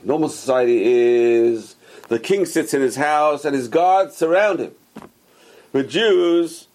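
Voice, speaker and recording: A man of middling pitch with a gravelly, husky voice lectures on scripture. He hammers his points by repeating key phrases. He pushes his pitch up sharply on emphasis and sinks quiet on asides. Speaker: religious teacher. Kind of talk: Torah class lecture.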